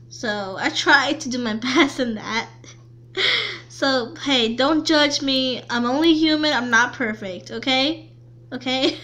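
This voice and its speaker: A woman vlogger chatting casually to camera, talking haltingly with frequent restarts and repeated words. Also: high-pitched, fairly bright tone.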